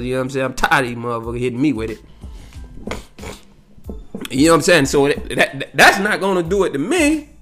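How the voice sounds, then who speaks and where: An adult man who grew up in the nineties tells a rambling, profane story in casual conversation, saying "you know what I'm saying" again and again. His voice is high, bright and pushed.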